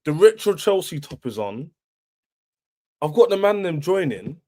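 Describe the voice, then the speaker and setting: A man's voice: on the high side, very animated, a little slow, pauses often, mellow. A young man hosting a football fan livestream, boastful and taunting, repeating himself as he rants. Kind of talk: livestream rant.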